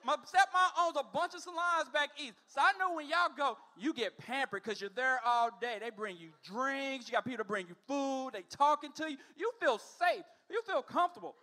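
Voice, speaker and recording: A man in his forties on a comedy club stage, working a stand-up set into a handheld mic. His voice sits very high for a man and rings bright and forceful. He tells his stories with animation and slips into other people's voices. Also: normal speed, hardly any pauses. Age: 40s.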